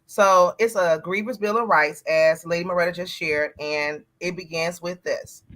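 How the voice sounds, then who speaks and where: Middle-aged woman guest, bright, candid and reflective, talk-show panelist telling a personal story. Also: fairly low pitch, fairly even intonation, normal speed, few pauses.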